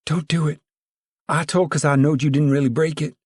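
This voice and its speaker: A man voicing a fierce, defiant little farm girl who talks in a shrill, demanding way, in a storybook reading. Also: fairly even intonation, normal speed, husky, no echo, studio quality. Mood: sulky.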